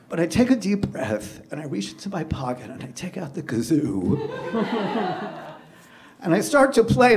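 A man telling a personal story with animated, self-deprecating delivery, acting out the scenes. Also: high-pitched, normal speed, pauses often, distant mic. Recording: echoey room with clear background noise.

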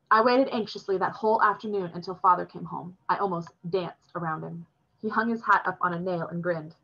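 A woman reading a novel chapter aloud in a steady, plain storytelling voice. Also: on the low side, brisk, gravelly, lo-fi sound. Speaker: reader.

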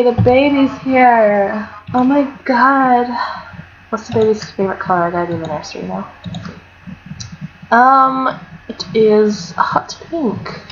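A young woman giving casual, chatty commentary on her own gameplay, swinging between mock outrage and excited squeals. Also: medium pitch. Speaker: gamer narrating her let's play. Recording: dull lo-fi home mic with faint hiss.

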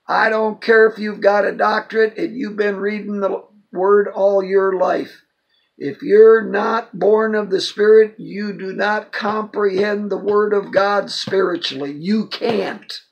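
An older man giving an informal Bible teaching, emphatic and quoting scripture with quick asides. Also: sits high, creaky, breathy edge, poor audio.

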